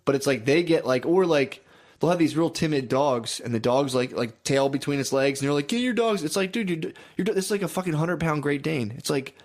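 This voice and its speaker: A young man in casual, profane banter, rambling and animated, acting out what other people said. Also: on the high side, a little fast. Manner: rambling, animated, swears a lot, acts out others' lines.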